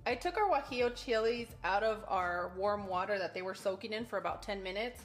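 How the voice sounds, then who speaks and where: A woman with a Texan accent talks viewers through a home recipe in her kitchen. Her delivery is chatty and easygoing, like a friend at the stove, sitting at a middle pitch. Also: a little fast, faint music behind. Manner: chatty, easygoing step-by-step instruction with soft laughs. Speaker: cooking channel host and mother. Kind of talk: home cooking tutorial.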